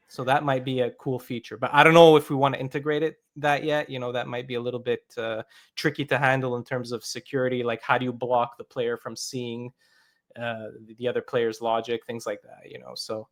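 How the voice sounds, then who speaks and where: A man, a game founder, explaining his game in a live interview, with many fillers and restarts. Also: medium pitch. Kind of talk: interview answers.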